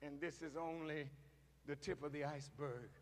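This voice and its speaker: A man delivering an impassioned sermon to a large audience in an arena. His delivery is slow and deliberate, swelling into shouts. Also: on the high side, steady tone. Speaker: minister addressing a convention. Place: large arena in front of a live crowd. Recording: long arena reverb.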